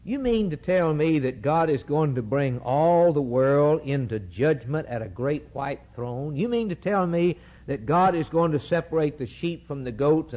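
Animated preacher on lo-fi tape. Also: male voice, a little high. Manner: emphatic, repetitive, rhetorical questions. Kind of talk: sermon, Bible exposition. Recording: dull lo-fi recording.

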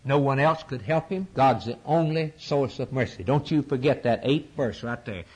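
A man's voice: normal speed, slightly rough. A man preaching a sermon to his congregation, fervent and repetitive, with sweeping rises and drops in his voice. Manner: fervent preaching with repetition and dramatic pitch swings.

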